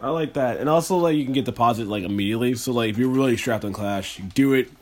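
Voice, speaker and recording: Fast-talking excitable young man. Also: medium pitch. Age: young adult. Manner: fast, excitable storytelling with swearing. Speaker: podcast co-host. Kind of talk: casual podcast chat.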